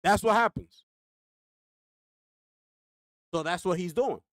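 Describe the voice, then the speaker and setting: A man's voice: high-pitched, brisk, fairly bright tone, no room sound, studio quality. A man reacting to a clip on a gaming stream, ranting with rhetorical questions and slang.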